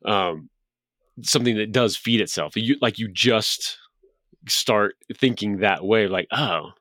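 Lower-voiced rambling podcast host. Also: male voice, a little slow, fairly bright tone, no room sound. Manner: enthusiastic, rambling, many restarts. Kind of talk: casual interview chat.

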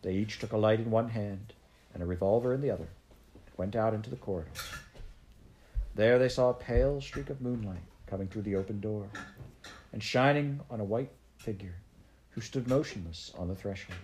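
A woman narrating a children's story aloud in a steady, measured way. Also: rumbling low, slight background noise. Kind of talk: audiobook narration.

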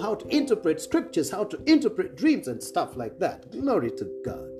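A man's voice: high voice, sing-song, moderate pace, hardly any pauses. A man preaching a sermon to an online audience. He talks emphatically, repeats key phrases and often checks in with listeners. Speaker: preacher, apostle. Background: guitar music.

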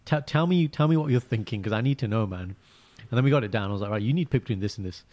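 A man chatting casually as a podcast co-host, telling stories and acting out quotes in lively voices. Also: on the low side, racing. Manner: animated storyteller, acts out quotes. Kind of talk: casual chat.

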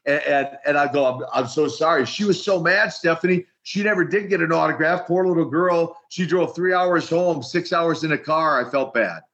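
An older man from Minneapolis, an animated storyteller who often repeats words as he starts his sentences in an interview. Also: fairly high pitch, normal speed, few pauses. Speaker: retired wrestler guest. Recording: dull lo-fi sound.

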